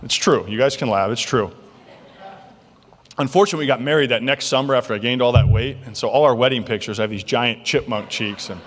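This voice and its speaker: A male keynote speaker telling stories in an animated, jokey way to a banquet crowd. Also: mid-range voice, fairly quick, slight background noise. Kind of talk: motivational keynote storytelling. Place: large banquet hall. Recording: long reverb of a large hall.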